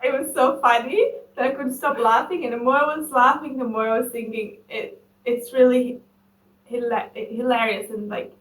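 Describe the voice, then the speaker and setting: A woman in her twenties, co-hosting a casual chat, soft-spoken and hesitant, often restarting. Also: fairly high pitch, fairly even intonation, moderate pace. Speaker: co-host. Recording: echoey room, distant mic, faint noise.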